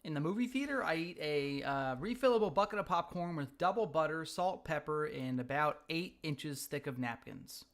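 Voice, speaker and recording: Bright-voiced man, excitable game streamer. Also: fairly high pitch, moderate pace, hardly any pauses. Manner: excitable trash talk during gameplay. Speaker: livestream co-host. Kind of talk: casual chat while playing a game.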